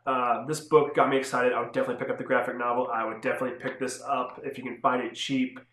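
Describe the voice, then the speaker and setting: A man's voice: medium pitch, little pitch movement, fast talker, fairly bright tone. A young man casually reviewing comic books on his channel, talking loosely with lots of fillers and restarts. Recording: echoey room.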